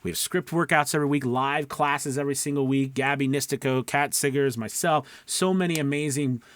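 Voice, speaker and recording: A man's voice: mid-range voice, fairly even intonation, fairly quick, fairly bright tone, dry recording. Man coaching voice actors, dry sound. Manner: conversational, repeats "okay" and "right" to check in. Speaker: voice acting coach. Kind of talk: casual teaching monologue.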